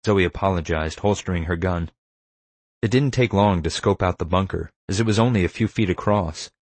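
A man narrating an audiobook in a wry, measured storytelling manner. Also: low-pitched, dry recording.

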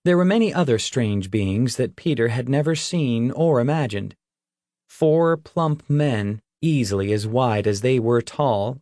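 A man reading a fantasy story aloud, unhurried and measured. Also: medium pitch, darkish tone, no room sound, studio quality. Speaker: audiobook narrator. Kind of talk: scripted narration.

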